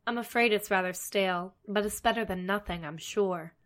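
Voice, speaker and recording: A woman's voice: medium pitch, normal speed, lightly acted. A woman voicing a kind, polite little girl in a storybook reading. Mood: cheerful. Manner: polite, soft.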